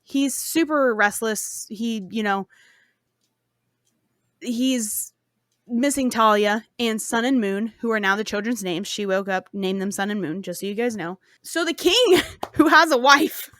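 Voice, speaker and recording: A woman's voice: fairly high pitch, unhurried, fairly bright tone, no room sound, clean studio sound. A woman podcast host casually retelling a folk tale, cursing and joking as she goes. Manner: profane, slangy and joking.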